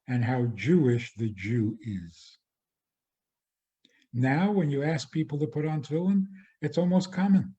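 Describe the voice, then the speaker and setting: Slow, measured rabbi giving a lecture. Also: male voice, fairly high pitch, mellow, muffled recording. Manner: measured, restarts and repeats phrases. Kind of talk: spoken lecture.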